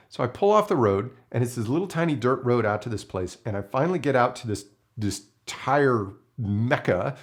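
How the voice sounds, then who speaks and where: A filmmaker telling a story to camera in an animated way and acting out the people in it. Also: male voice, mid-range voice, moderate pace, hardly any pauses.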